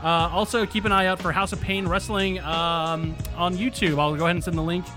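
A man's voice: high voice, level tone, fairly quick, music in the background. A man co-hosting a podcast in casual chat, rambling and laughing as he retells scenes. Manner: rambling, laughs often, acts out voices. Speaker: podcast co-host.

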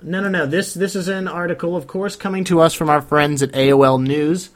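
A man's voice: a little high, steady tone, brisk. A man hosting a comedic news podcast, reading items aloud and teasing his co-host.

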